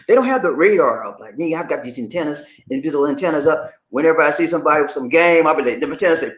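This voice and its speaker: Lively high-voiced man hosting a show. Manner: animated, playful, call-and-response with viewers; rhyming, repetitive phrasing. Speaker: show host. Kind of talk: casual live-show talk to viewers. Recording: echoey room.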